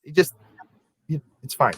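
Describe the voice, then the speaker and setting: A man, a podcast co-host, telling a story in a casual, animated way and acting out the people in it. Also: moderate pace, rough recording. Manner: animated, acts out quoted voices.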